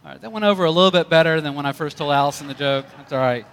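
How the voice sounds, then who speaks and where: A man's voice: fairly high pitch, rapid-fire, a bit bright, big-room sound, slight background noise. A male pastor preaching a conversational sermon with light jokes.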